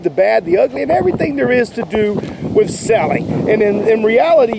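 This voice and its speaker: Animated, gravelly-voiced enthusiastic man. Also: high voice, background noise. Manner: enthusiastic, folksy, repeats phrases. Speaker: sales coach. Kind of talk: motivational talk to camera.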